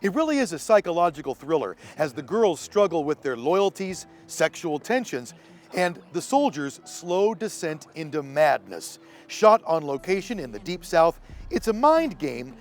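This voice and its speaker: A man's voice: on the high side, sing-song, moderate pace. A man hosting an entertainment show, presenting in an upbeat, showy scripted style. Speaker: host.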